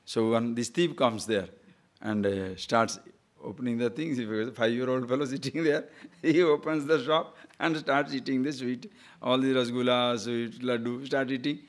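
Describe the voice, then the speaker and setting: A man's voice: medium pitch, normal speed. A man from Odisha with an Odia Indian English accent, giving a spiritual discourse full of stories and rhetorical questions. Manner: animated, playful, rhetorical questions. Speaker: spiritual teacher.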